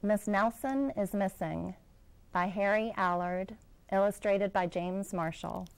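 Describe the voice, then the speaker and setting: A woman, a school director, reading a children's picture book aloud in a gentle storytelling manner. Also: mid-range voice, takes it slowly, vocal fry, clean tone, low-quality recording.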